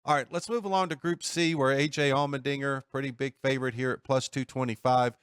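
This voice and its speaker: A man hosting a sports betting talk show from a studio, talking in a steady, methodical way. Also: mid-range voice, brisk, clear, resonant tone, no room sound. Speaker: host.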